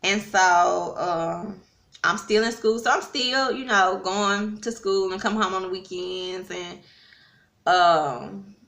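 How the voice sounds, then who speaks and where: A woman tells a personal story in a chatty, casual way and talks straight to her viewers. Her voice is bright and clear, and the room around her is noticeably echoey. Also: mid-range voice, takes it slowly. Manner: chatty, addresses viewers, frequent fillers. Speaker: vlogger. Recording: roomy echo.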